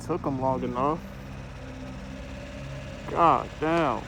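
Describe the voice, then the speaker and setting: A man's voice: medium pitch, drawn-out words, creaky, background noise. A young man vlogging casually while working on his car, with loose slangy talk and a bit out of breath under a mask. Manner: laid-back slangy talk. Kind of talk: casual vlog narration.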